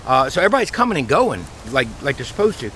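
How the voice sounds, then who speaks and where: A man, a beekeeper telling a rambling, folksy story outdoors in his bee yard, his voice a little squeaky from the dry air. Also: sing-song, rapid-fire, a bit bright, slight background noise. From Louisiana, USA. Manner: chatty, folksy, rambling with restarts. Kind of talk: casual vlog storytelling.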